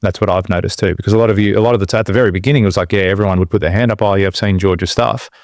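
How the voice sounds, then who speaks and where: A podcast co-host with a fairly low voice talks rapid-fire, telling relaxed, casual stories from his business. The recording is dry and clean, with studio sound.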